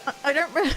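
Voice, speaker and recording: A woman's voice: high-pitched, sharp tone. A woman chatting casually on a live game stream, reacting to viewers' comments. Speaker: streamer playing a video game.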